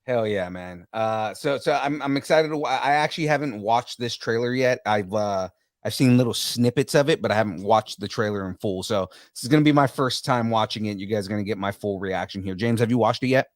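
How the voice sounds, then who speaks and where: A man co-hosting a casual pop-culture podcast, excitedly talking through a movie trailer with his co-host. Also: on the low side, a little fast, dry recording, studio quality. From grew up Latino in the US. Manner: excited, hypes reactions.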